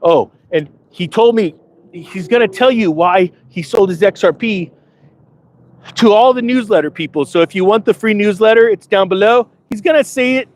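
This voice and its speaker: Standing outdoors in front of a big-box store, a male finance vlogger plays a smug, self-important financial advisor in a comedic monologue to camera. He's sarcastic and boastful, rambling with asides, in a high, lightly acted voice.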